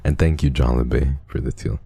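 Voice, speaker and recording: Very deep, gravelly-voiced man. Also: fairly even intonation, dark tone, no room sound. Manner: halting, stammering, heartfelt. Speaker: streamer. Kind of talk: casual chat reading donations.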